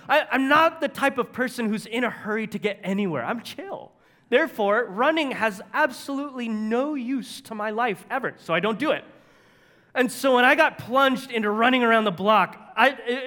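Male pastor, bright voice, funny self-deprecating sermon story. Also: high voice.

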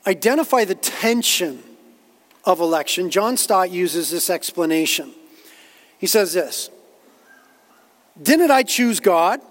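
A man's voice: sits high, in a large hall. A man preaching a sermon as a pastor, earnest, repeating himself and quoting others as he builds his point. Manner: earnest preaching with repetitions and quotations.

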